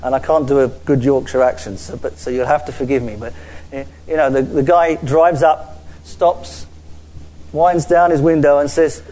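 A man preaching a sermon to a church audience, earnest and halting, restarting and repeating words, and slowing down to stress key phrases. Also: mid-range voice, fairly even intonation, dark tone, poor audio. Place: church gathering with a screen before an audience.

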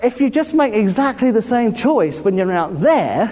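Southern english preacher guy, high voice, bouncy up and down, laughing lots, big echoey church hall. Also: moderate pace. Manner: lively, laughing often, calling out to the congregation. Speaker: pastor. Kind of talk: sermon. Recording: long reverb of a church hall.

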